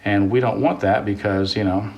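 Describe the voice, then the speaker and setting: A man's voice: on the low side, steady tone, normal speed, darkish tone. A man hosting a home repair video who rambles through a story with jokey asides, then explains plumbing steps casually. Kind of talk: casual storytelling and DIY instruction. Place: work area during a water heater install. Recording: echoey room, mic at a distance.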